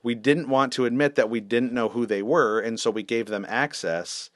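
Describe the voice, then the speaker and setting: A man's voice: medium pitch, moderate pace, fairly bright tone, dry recording, clean studio sound. A man, a senior pastor, telling a story in a casual, wry, self-deprecating way with lots of fillers.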